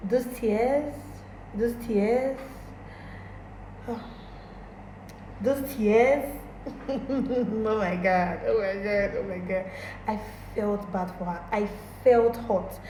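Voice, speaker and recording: A woman casually and effusively chatting about a movie, exclaiming and repeating herself as she gets excited. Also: medium pitch, drawn-out words, long pauses. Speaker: movie reviewer. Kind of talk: casual chat. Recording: echoey room with background noise.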